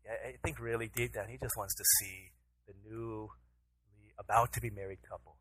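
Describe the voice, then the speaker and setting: Brief: male pastor, 30s, bright, forceful voice, storytelling sermon that acts out the dialogue. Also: medium pitch, quick pace, low-quality recording. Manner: storytelling, acts out his own pleading voice to his toddler.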